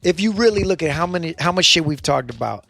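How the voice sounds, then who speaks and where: A man's voice: a little high, animated, fast, gravelly, sharp tone. A man co-hosting a podcast, swearing and joking in laid-back banter. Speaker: podcast co-host. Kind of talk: casual chat.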